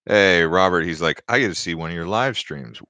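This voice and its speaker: At a brisk pace, a young crypto livestream host talks in a low-pitched, bright, forceful voice. His casual stream rambles through stories and viewer comments with many restarts and fillers, recorded with no echo.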